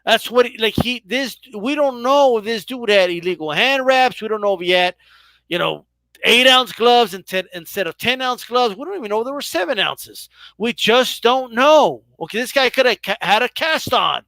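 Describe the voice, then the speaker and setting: A man giving heated boxing commentary on a live stream, sarcastic and exasperated, talking in rapid rants. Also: very high-pitched, expressive, vocal fry, sharp tone, no room sound.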